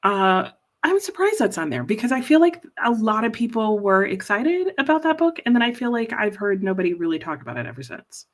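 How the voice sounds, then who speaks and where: A woman's voice: mid-range voice, very animated, fairly quick. A woman hosting a live reading stream, chatting casually and rambling about books while teary. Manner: chatty, rambling, laughs easily. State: teary, emotional. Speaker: livestream host. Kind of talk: casual chat.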